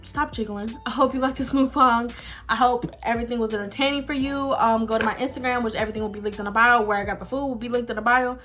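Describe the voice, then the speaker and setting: High-voiced young woman telling a story. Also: fast talker, few pauses, faint music behind. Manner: animated, dramatic storytelling with laughs. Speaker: vlogger. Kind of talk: casual mukbang story time. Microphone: phone.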